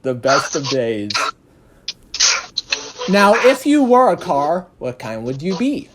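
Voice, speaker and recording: A rambling, chatty interviewer who keeps restarting sentences and wanders between topics. The voice sits at an ordinary middle pitch, and a steady hiss runs clearly under the recording. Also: slow. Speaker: host and interviewer of a fan production. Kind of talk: casual interview chat. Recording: noisy background hiss.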